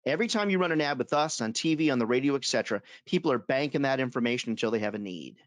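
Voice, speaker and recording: A man leading a sales webinar for advertising reps, telling stories in an animated, self-amused way. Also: mid-range voice, rapid-fire, no echo. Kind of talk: webinar talk.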